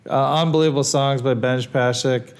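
A man's voice: medium pitch, fairly even intonation, normal speed, clear, resonant tone. A man co-hosting a podcast, talking things through in a thoughtful, hedging, curious way. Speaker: podcast co-host. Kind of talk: casual chat.

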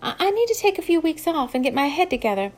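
A woman's voice: high-pitched, sing-song, fast, darkish tone, voice pushed up. A woman playing a stammering, nervous young woman. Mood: nervous, earnest. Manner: hesitant, stammers then speeds up.

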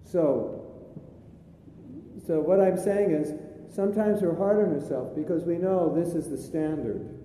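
Guy teaching a spiritual talk, storytelling n cracking jokes, dark mellow voice, boomy hall. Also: unhurried. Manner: chatty storytelling, jokey asides. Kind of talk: sermon with jokes. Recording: live recording, echoey hall, faint rumble.

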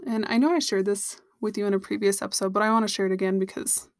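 A woman's voice: mid-range voice, fairly even intonation, quick pace, no echo, studio quality. A woman hosting a Christian podcast, sharing a personal story and teaching in an earnest, direct way to her listeners.

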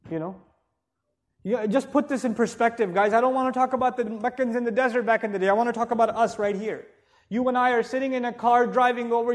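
A man teaching a religious lecture to a live audience, chatty and joking, asking rhetorical questions and turning forceful when urging respect. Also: very high voice. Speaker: Islamic teacher.

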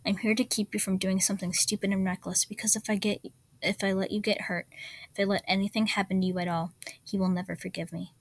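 A woman's voice: flat delivery, fast talker, natural voice. A woman as a firm, protective warrior woman. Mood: firm urgent. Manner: firm, low and urgent, hissing.

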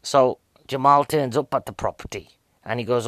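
A man's voice: mid-range voice, normal speed, fairly bright tone, no room sound. A man giving a casual, jokey, rambling film review, a bit out of breath.

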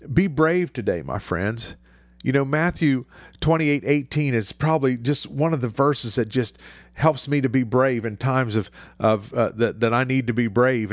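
A man's voice: medium pitch, dry recording. A man preaching an informal sermon in an earnest, conversational way, often restarting and repeating his phrases.

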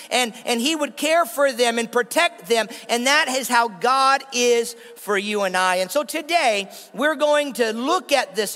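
A man's voice: very high voice, pushed and bright. A male pastor preaching a sermon, drawing out key phrases and calling the congregation to repeat them. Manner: call-and-response preaching, stretched emphatic phrases. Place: church. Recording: long hall reverb.

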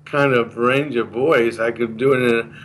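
A man's voice: mid-range voice, steady tone, normal speed, a little hiss or hum, low-quality recording. A man being interviewed, earnestly explaining a communication method and repeating the key points in a casual chat. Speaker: guest explaining a communication course.

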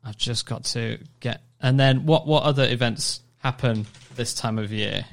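A man co-hosting a casual radio-style show, chatty and easily excited. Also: mid-range voice, normal speed, vocal fry. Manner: chatty, excitable, cooing over fireworks. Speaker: podcast co-host.

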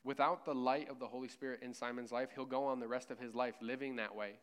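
A man's voice: medium pitch, steady tone, quick pace, a bit bright, smooth. A man preaching a sermon at church in a casual, conversational way, often checking in with "right?". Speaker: pastor.

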